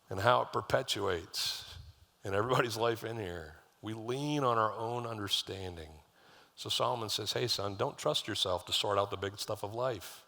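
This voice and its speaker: A middle-aged lead pastor with a lowish, bright, forceful voice and some vocal fry preaches at a normal speed. His sermon is conversational storytelling with asides to the congregation, recorded with the reverb of a live church hall.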